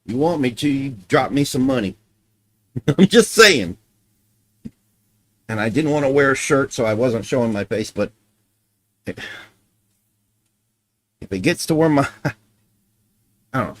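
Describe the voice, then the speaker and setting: A man's voice: mid-range voice, expressive, unhurried, long pauses, rough recording. A man streaming a game, chatting casually, swearing freely, scolding his dog and joking with viewers. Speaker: gaming streamer.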